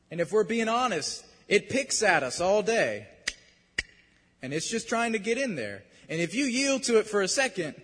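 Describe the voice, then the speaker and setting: Young man preaching in a high voice, echoing hall. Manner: earnest, conversational preaching with sudden loud emphasis. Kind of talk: sermon.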